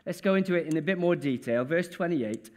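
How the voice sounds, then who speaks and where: A male preacher gives a sermon in a church in an easy, conversational manner. He keeps asking his listeners questions, and his voice sits somewhat higher than most men's. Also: expressive, a little fast, darkish tone.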